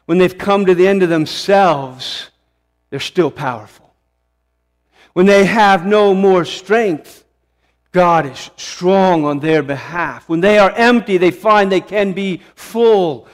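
Male pastor, high voice, mid-sermon; builds to emphatic peaks, then drops to a hush. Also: slow, in a large hall. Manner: impassioned, swelling to emphatic peaks then dropping hushed. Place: church sanctuary.

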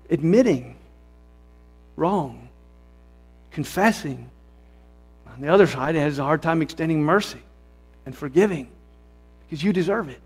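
A man preaching a sermon as pastor, earnest and repetitive, often restarting his phrases. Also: fairly high pitch. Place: church sanctuary. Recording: long reverb of a church hall.

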